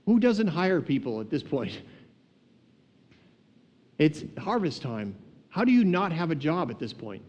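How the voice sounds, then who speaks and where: Man, higher voice, humorous conversational Bible teacher, slightly lo-fi sound. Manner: lively storyteller, conversational and humorous. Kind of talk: casual teaching podcast.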